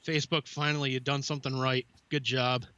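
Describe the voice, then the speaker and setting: Bright-voiced man telling a story. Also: mid-range voice, little pitch movement, brisk, clean tone, no room sound, highs cut off. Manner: swears freely, storytelling with quoted asides. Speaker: podcast co-host. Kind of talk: casual podcast chat.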